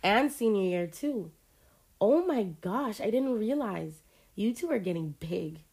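A woman reading aloud and voicing a bossy, teasing young woman who is the older sister, a little higher and louder than her narration. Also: animated, measured pace, slightly rough. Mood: fond. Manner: bossy and playful, mock-proud.

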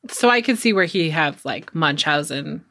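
Bright-voiced woman, blunt podcast banter. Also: low-pitched, moderate pace, no echo. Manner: blunt, animated, swears freely. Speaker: podcast co-host. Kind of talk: casual true-crime chat.

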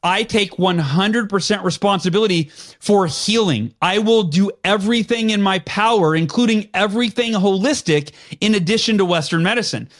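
A man speaking as a guest in an interview, telling a personal story earnestly and with firm conviction, clearing his throat now and then. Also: high-pitched, moderate pace. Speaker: podcast guest.

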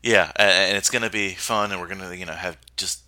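A man with a low, congested sick-day voice hosts a laid-back podcast, laughing easily between remarks. His tone is bright and forward, and the recording is dry and close with no room sound. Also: a little fast, no room sound, rough recording. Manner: relaxed, laughs often. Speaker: podcast host. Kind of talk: casual podcast chat.

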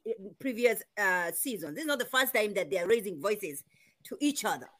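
A woman on a reaction chat panel, calmly and softly explaining her view. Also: mid-range voice, a little fast. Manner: calm, explains patiently in a soft voice.

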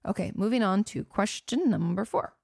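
Female therapist-host, casual advice chat, earnest and conversational, slight vocal fry. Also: medium pitch, expressive, normal speed, a little mellow, no echo, studio quality. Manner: earnest, conversational, frequent "you know" asides. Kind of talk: casual advice talk answering listener questions.

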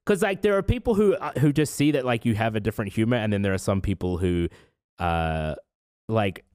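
A young man co-hosting a casual podcast, talking haltingly with lots of restarts and dry sarcasm. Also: on the low side, lively intonation, a little mellow, clean tone, no echo. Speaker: podcast co-host. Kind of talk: casual chat.

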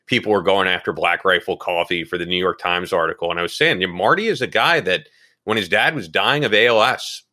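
A man's voice: low voice, brisk, bright, forceful tone. A man hosting a podcast, talking in an earnest, supportive, rambling way in casual conversation. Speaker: podcast host.

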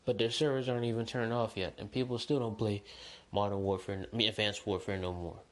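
A man's voice: on the low side, fairly quick. Rambling young man podcasting casually. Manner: rambling, excitable, slangy talk. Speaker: podcast host. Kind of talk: casual solo podcast chat.

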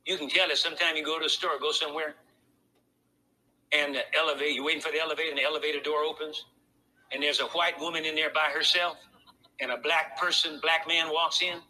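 A man's voice: a little high, flat delivery, quick pace, bright, forceful tone, slight background noise, poor audio. A man pastor preaching a sermon to his congregation, talking it through in a conversational way with pointed asides.

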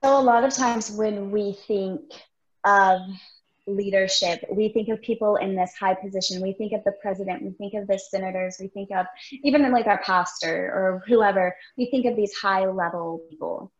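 An earnest woman in her thirties talks in a casual, encouraging way, telling a story with animated warmth of feeling. Her voice is mid-pitched and sounds roomy, with a slightly dull, muffled recording. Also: normal speed. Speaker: podcast co-host. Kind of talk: casual conversational talk.

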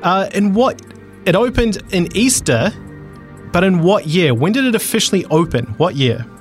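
A man's voice: high-pitched, expressive, soft background music. A man co-hosting a sports radio show, running a quiz in an upbeat, teasing way. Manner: upbeat and teasing, quick quizmaster delivery. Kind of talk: casual radio sports chat. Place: radio studio.

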